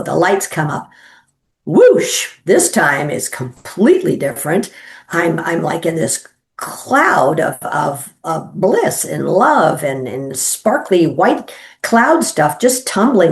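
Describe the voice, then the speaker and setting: A middle-aged woman recounting her near-death experience as an interview guest, halting and full of restarts, acting out her own thoughts. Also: low voice, gravelly. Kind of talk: personal storytelling.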